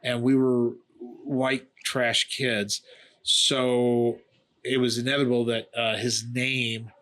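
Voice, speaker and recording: A man's voice: mid-range voice, level tone, takes it slowly, a bit bright. A middle-aged comedian, a man, chats casually on a podcast. He tells his stories in a sarcastic, joke-filled way. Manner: storytelling, sarcastic, jokey. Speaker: comedian guest.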